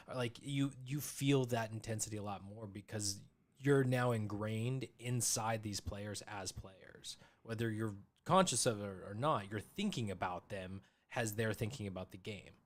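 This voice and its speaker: A man co-hosting a movie review podcast, talking casually and excitedly into a close mic, with quick restarts. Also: on the low side. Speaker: podcast co-host.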